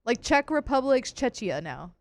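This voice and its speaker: Calm, matter-of-fact female co-host. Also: a little high, normal speed, dry recording. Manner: matter-of-fact, explains calmly. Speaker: radio co-host. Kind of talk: casual radio chat. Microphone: studio microphone.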